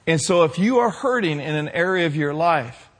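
A man preaching a sermon to his congregation, building to shouted passages and calling for responses. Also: a little high, animated, normal speed. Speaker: pastor.

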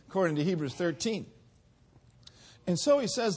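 Husky guy preaching in church, call and response, draws out key words. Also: high-pitched, expressive, takes it slowly, darkish tone. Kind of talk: sermon.

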